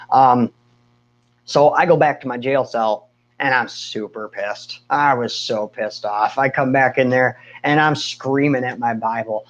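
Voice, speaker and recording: A man casually telling a personal story, candid and animated, often acting out what people said. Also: mid-range voice, muffled recording. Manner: candid, animated storytelling with asides and quoted dialogue. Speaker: speaker sharing his testimony.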